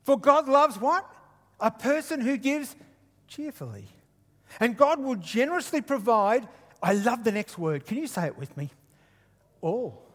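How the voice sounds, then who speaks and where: Brief: male preacher from Queensland, very high voice, lively and teasing with the crowd, long hall reverb. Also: a little slow, long pauses. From Queensland, Australia. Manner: animated, jokey asides to the congregation. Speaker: guest preacher. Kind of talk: sermon. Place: church hall.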